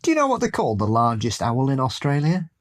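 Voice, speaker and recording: A man's voice: mid-range voice, wildly swooping pitch, a little fast. A man co-hosting a spooky-stories podcast, jokey and rambling in casual chat, laughing often. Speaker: podcast co-host.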